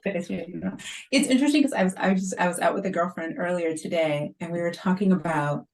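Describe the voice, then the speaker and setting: A middle-aged woman hosts a casual panel talk. Her voice sits on the low side, and she speaks expressively and laughs often. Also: brisk, darkish tone, low-quality recording. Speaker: host, mother.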